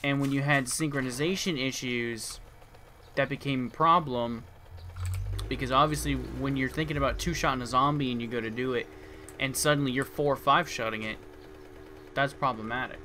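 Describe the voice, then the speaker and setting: Young man, tired casual game commentary, mid-pitched voice, keyboard clicks audible. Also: fairly even intonation, normal speed, pushed and bright, a little hiss or hum. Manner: tired, yawning, chatting to viewers. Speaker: gaming streamer. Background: keyboard clicks and typing.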